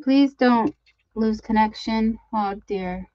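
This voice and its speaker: A fairly high-voiced woman hosting a live crafting stream, chatting slowly and unhurriedly with her viewers. She reads their comments aloud and greets them by name. The sound is dry and a little dull, like lo-fi stream audio. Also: no echo. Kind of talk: casual live-stream chat.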